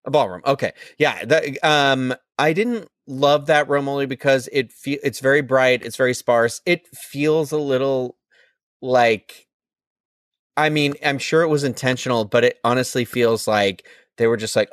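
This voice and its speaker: A man's voice: mid-range voice, normal speed, no room sound, clean studio sound. A man co-hosting a podcast, telling a story in a casual chat with lots of fillers. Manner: rambling, filler-heavy storytelling. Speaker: podcast co-host.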